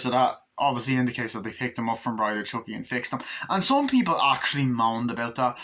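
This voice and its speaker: A man giving a casual, excitable movie review, retelling scenes and swearing freely. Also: mid-range voice, quick pace, hardly any pauses.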